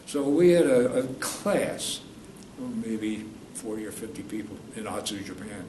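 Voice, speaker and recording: A man's voice: on the low side, animated, measured pace. A man in his eighties from New York State, rambling through war memories in an oral history interview and correcting himself as he goes. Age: 80s. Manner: rambling storyteller who corrects himself mid-sentence. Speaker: veteran interviewee. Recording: roomy, distant mic, faint noise.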